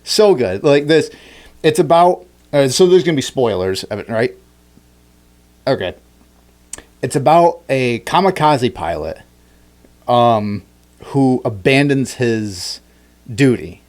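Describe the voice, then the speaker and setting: Male podcast host, casual chat, rambling and lively, middle pitch. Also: slow, long pauses. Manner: rambling, animated storytelling with frequent restarts.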